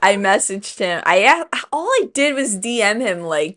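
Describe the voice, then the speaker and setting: A woman in her thirties co-hosting a podcast in casual chat, chatty and expressive. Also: medium pitch, moderate pace. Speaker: podcast co-host.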